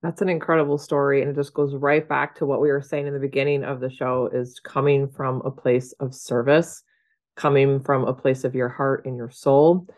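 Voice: mid-range voice, level tone, normal speed, a little mellow. A podcast host wrapping up an interview with a heartfelt, prayerful sign-off.

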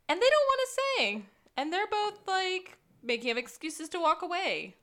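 A woman's voice: very high-pitched, very animated, normal speed, hardly any pauses, a bit bright. A woman co-hosting a podcast, chatting casually about a TV episode with wry quips and frequent laughter. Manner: wry, quippy, laughs often. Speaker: podcast co-host. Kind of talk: casual TV recap chat.

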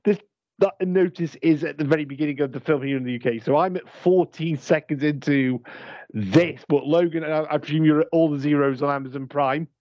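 A British podcast host watches a movie live and talks about it in a rambling, playful way, often restarting. His voice is fairly high and a little fast, on a dry, lo-fi recording.

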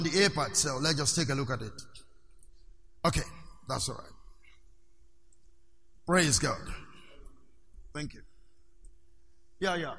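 A male preacher with a high, very bright and ringing voice. He keeps asking his congregation questions and prompting them to answer. His voice carries a long reverb from a church hall. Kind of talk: sermon.

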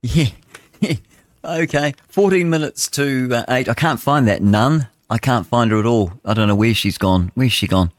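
A radio host talks casually in a mid-range voice at a moderate pace, rambling and thinking aloud while he hunts for his next clip. The recording is dry.

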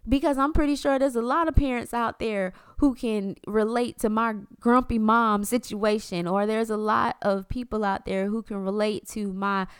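A woman's voice: fairly high pitch, steady tone, normal speed, few pauses, clear, resonant tone, dry recording. A woman in her thirties hosting a faith-based podcast in a candid, conversational way, acting out her inner voices. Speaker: podcast host.

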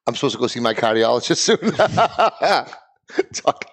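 A man hosting a barbecue chat show, talking fast and teasing his co-host. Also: medium pitch, sing-song, fairly bright tone, slightly rough. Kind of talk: casual chat.

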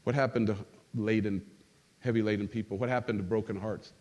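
A middle-aged man preaching a sermon as pastor, animated and joking, calling out to his congregation. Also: lowish voice, fairly quick. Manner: animated, humorous, calls on the congregation. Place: church sanctuary.

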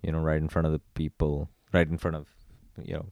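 A man co-hosting a casual podcast chat, talking haltingly with many fillers as he thinks aloud. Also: rumbling low, little pitch movement, creaky, darkish tone, no echo, studio quality.

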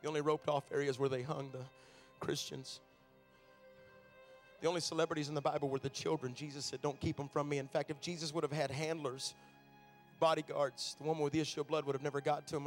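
A man preaching a sermon to a church crowd, telling stories and building up to shouted, fervent climaxes. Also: on the high side. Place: church auditorium.

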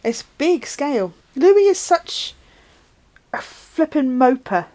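A woman, co-hosting a casual film discussion, animated and chatty with quick asides. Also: sits high. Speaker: podcast co-host.

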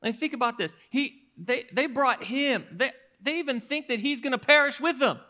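A male pastor preaching a sermon in an animated storytelling manner, often restarting his words. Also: very high-pitched, normal speed.

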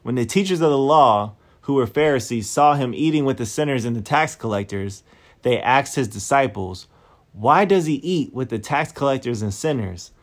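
Male preacher, mid-range voice, measured deliberate sermon delivery with repeated lines. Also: medium pitch, expressive. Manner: slow, deliberate, repeats phrases for emphasis.

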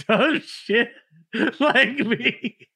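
A man with a high, bright voice in loose casual chat. He jokes crudely, giggles often and calls everyone "dude.". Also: extremely slow, husky. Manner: giggly, crude joking, says "dude" a lot.

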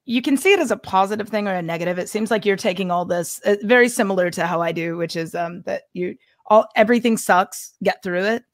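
A woman's voice: medium pitch, fast talker, few pauses, no echo, studio quality. A woman hosting a casual interview, hesitant and full of ums.

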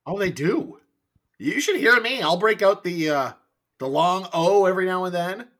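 A man hosting a podcast, chatting in an animated, quick-reacting way. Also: sits high. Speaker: podcast host. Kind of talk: casual chat.

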